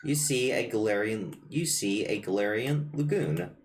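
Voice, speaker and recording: A man acts as game master for a tabletop game with friends. His voice sits low, and a faint hiss runs under it. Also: animated, moderate pace. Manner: casual, laughing, rule-checking. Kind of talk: running a tabletop game, casual.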